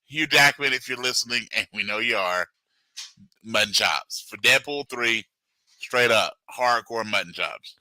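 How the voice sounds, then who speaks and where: Man, middle-aged, very bright tone, dry close sound, jokey casual podcast chat. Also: medium pitch, no room sound, rough recording. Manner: jokey, riffing, quick asides. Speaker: podcast co-host.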